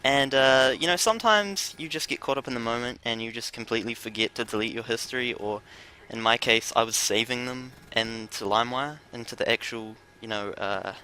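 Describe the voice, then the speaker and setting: A man's voice: medium pitch, brisk, hardly any pauses, sharp tone, a little hiss or hum. A man telling a crude, rambling story with laughs while commentating over gameplay.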